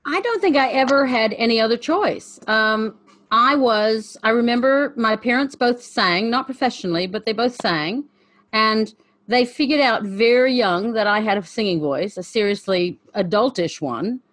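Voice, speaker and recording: A woman's voice: on the high side, expressive, normal speed. A woman, a singer, chatting about her childhood with frequent laughter. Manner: warm, amused, laughs often. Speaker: panel guest, singer. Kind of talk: casual conversation.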